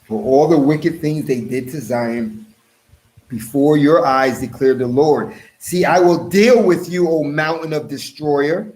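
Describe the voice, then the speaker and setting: A man preaching, reading scripture aloud and commenting on it, talking straight to his listeners and slowing down to stress key phrases. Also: fairly high pitch, darkish tone, poor audio.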